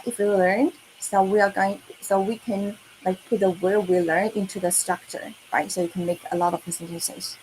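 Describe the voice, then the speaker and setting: A woman with a Chinese accent teaching Mandarin to children in a slow, patient online lesson, repeating words and filling gaps with okay and right. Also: mid-range voice, slight background noise, poor audio.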